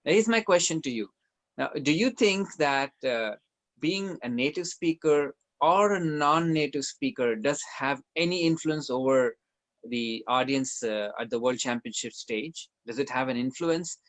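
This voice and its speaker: A man hosts a webinar over a video call. He reads out questions from viewers in a hesitant way, full of fillers. His voice sits at an ordinary middle pitch. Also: measured pace, a bit bright. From Philippines. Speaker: webinar host.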